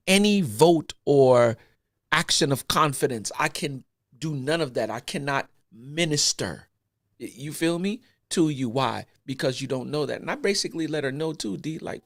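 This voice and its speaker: Animated and mid-range, this male podcast co-host speaks at a normal clip while recounting a personal story, mixing relaxed slang with sincerity. The sound is studio quality with no room reverb.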